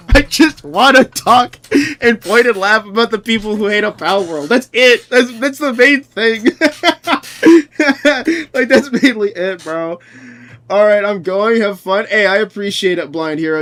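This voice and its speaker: A man's voice: high voice, a little slow, a bit bright. A young man streaming, chatting casually with his viewers, answering chat and ranting with frequent laughter and swearing.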